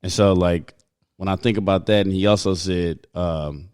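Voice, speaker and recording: A man's voice: low voice, steady tone, normal speed, a little mellow, clear, resonant tone. A young man co-hosting a podcast, chatting casually and laughing often. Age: young adult. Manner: laid-back, laughs often, profane. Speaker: podcast co-host. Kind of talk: casual chat.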